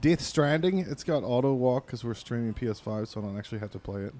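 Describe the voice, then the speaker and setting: A man with a dark, mellow voice trades crude jokes in a relaxed, deadpan way. He hosts a loose comedy chat while playing a game on stream. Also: mid-range voice, quick pace.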